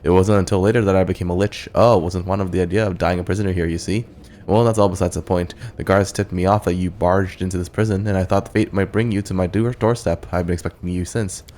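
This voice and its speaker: Ancient lich lord, falsely gracious, read by a man, low and even. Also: fast talker, a little hiss or hum, natural voice. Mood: courteous. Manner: smooth, flattering, read aloud plainly. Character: ancient courteous male lich tyrant.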